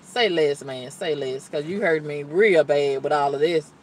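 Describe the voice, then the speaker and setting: A woman's voice: deep voice, a little slow, slightly rough. A woman venting to the camera in a blunt, emphatic, colloquial way, with repeated exclamations and exasperated storytelling. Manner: colloquial, blunt talk with cussing. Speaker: vlogger.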